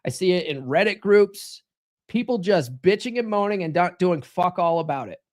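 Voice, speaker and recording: A man's voice: high-pitched, expressive, normal speed. A man hosting a live stream, talking casually in a blunt, profane, coaching tone. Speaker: live stream host giving dating advice.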